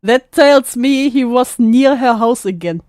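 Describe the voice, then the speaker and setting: A woman's voice: fairly high pitch, animated, a little slow, darkish tone, no room sound. A woman streamer making dry, mocking remarks while she reacts to a clip. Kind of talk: sarcastic live commentary.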